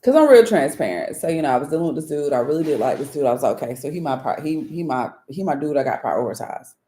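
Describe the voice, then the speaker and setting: A woman with a low, mellow voice chats casually with her viewers. She tells stories in a lively, swooping way, candid and profane, often breaking into laughter. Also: fast. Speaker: spiritual reader and channel host. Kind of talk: casual storytelling chat to viewers.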